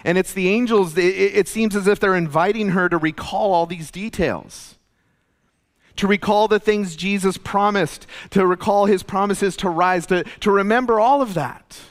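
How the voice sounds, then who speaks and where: A male pastor giving an earnest, conversational sermon, going soft and low when quoting figures, recorded in a church. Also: normal speed. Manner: earnest, conversational preaching, drops soft and low for quoted lines. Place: church sanctuary. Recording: long reverb of a church hall.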